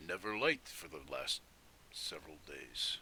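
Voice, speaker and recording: A man voicing a gentle, scholarly male minotaur archaeologist, speaking formally and courteously. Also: a bass voice, sing-song, a little slow, husky, no room sound, pitched below the performer's own voice, exaggerated voice. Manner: formal, courteous, old-fashioned phrasing. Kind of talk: live-streamed tabletop role-play.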